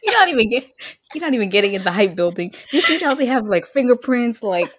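A woman's voice: fairly high pitch, sing-song, fast, dry recording, studio quality. A woman co-hosting a podcast in casual chat, laughing and filling her talk with "like" and "um". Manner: laughing, chatty, lots of fillers. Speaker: podcast co-host.

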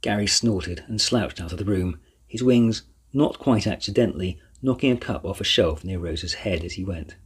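Man, storybook narrator, very husky voice, low pitch, measured reading. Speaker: audiobook narrator.

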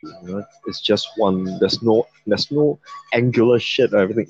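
A man's voice: on the low side, moderate pace, darkish tone, breathy edge, no room sound, lo-fi sound, soft background music. A man co-hosting a casual podcast, joking crudely and swearing a lot. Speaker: podcast co-host. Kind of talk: casual chat.

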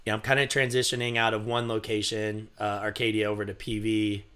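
A man with a bright, forward voice tells a story in relaxed podcast chat. He leans on fillers like "you know" and "like", and he breaks into laughter as he builds to the punchline. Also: fairly low pitch, fairly quick, clean tone.

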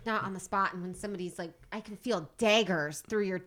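A woman's voice: mid-range voice, a little fast, a bit bright. A woman co-hosting a podcast in casual chat, giggly and often cutting herself off. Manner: giggly, self-interrupting. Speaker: podcast co-host.

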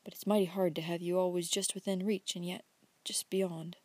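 A woman voicing an earnest young man courting his sweetheart, speaking low and hushed with quiet insistence. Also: little pitch movement, brisk, no room sound. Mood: earnest pleading.

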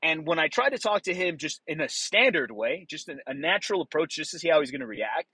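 A man's voice: fairly high pitch, lively intonation, a little fast, pushed and bright, slightly rough, no echo, rough recording. A man, middle-aged, who speaks as a former police officer in a casual monologue, blunt and profane, acting out the voices he quotes.

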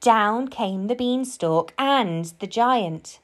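Woman storybook reader, slow, expressive, melodic read-aloud. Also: a little high. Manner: slow, sing-song and expressive.

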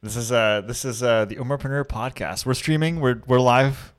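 A man hosting a podcast, talking in an energetic, emphatic way with lots of "like" fillers. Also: mid-range voice, normal speed, clear, resonant tone. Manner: energetic and emphatic, heavy use of "like". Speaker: podcast host. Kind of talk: casual podcast interview.

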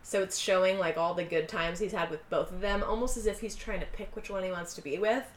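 A woman retelling a movie scene by scene in a relaxed chatty way, slipping into quick voices for each character she quotes. Her pitch sits in the middle range for a woman. The room around her is noticeably echoey. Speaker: podcast co-host recapping a film. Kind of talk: casual chat.

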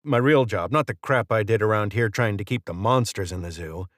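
A man's voice: on the low side, brisk, dry recording, clean studio sound, close to an everyday voice. A man reading the lines of a cocky male federal agent in an audiobook, mocking and chatty. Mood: smug.

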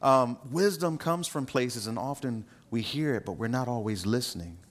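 Male pastor, middle-aged, easygoing sermon delivery with asides to the room, mid pitch. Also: moderate pace. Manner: conversational preaching with asides to the congregation; repeats words when searching for the next phrase.

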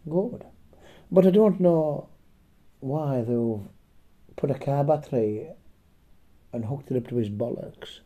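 A man with a slightly hoarse voice telling a rambling, profane comic story, chuckling and tagging his lines with "eh?". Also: medium pitch, slow pace, pauses often, warm tone. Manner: foul-mouthed, rambling, chuckling, tags lines with "eh?". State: a bit hoarse. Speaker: comedic storyteller. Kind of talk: profane comedic storytelling chat.

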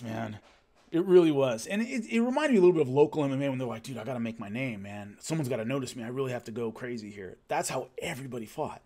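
Man telling fight stories casually. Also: medium pitch. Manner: animated, acts out quotes of others. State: has hiccups. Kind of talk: casual storytelling.

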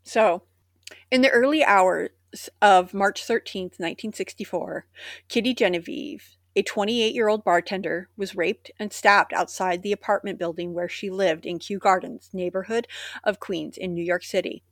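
A young woman co-hosting a podcast, chatting and reading an old article aloud. She breaks off for sarcastic, swearing asides. Her pitch sits mid-range, and the recording is close and dry. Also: moderate pace, no echo. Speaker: podcast co-host. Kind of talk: casual chat, reading a news article aloud.

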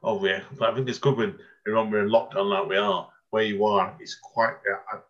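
A man's voice: fairly low pitch, little pitch movement, normal speed, fairly bright tone, dull audio. A man hosting a podcast interview over a video call, chatty and rambling, laughing often and interrupting himself. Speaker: podcast host. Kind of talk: casual interview chat.

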